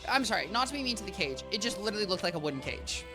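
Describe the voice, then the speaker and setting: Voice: medium pitch, big pitch swings, very fast, music in the background. A young adult game streamer in casual gameplay commentary, rambling and chatting to viewers with lots of filler. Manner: rambling, talks to chat, heavy use of "like" and "guys".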